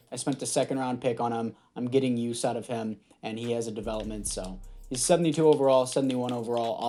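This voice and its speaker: A young man narrates his sports video game in a casual, offhand way, dropping sarcastic asides to his viewers. His voice is mellow and dark in tone, picked up on a headset mic. Faint music plays underneath. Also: mid-range voice. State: throat catching, clearing throat. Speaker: gaming YouTuber. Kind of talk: casual gameplay commentary.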